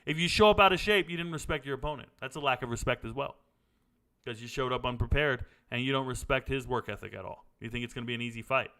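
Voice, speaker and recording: A man's voice: medium pitch, quick pace, pushed and bright, smooth. A middle-aged man hosting a casual sports Q&A, blunt and opinionated, wandering into stories. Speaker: sports commentary host answering viewer questions. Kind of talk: casual live Q&A chat.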